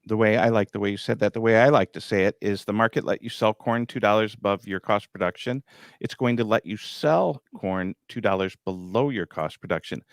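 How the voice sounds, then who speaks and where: Guy, lowish voice, blunt and teasing about grain marketing, dry sound. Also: a little fast, no room sound. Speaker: grain market show host. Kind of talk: market commentary.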